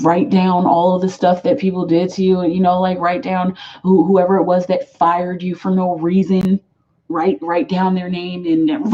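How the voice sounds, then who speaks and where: A woman's voice: fairly low pitch, warm tone, muffled recording. A woman giving a live tarot reading to her viewers, emphatic and affectionate, repeating her phrases for weight. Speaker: tarot reader.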